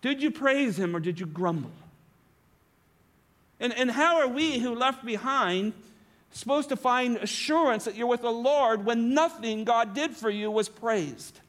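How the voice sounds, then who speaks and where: Pastor guy preaching, high voice, goes loud then quiet. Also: unhurried. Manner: lively preaching, swinging between emphatic and hushed. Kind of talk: sermon.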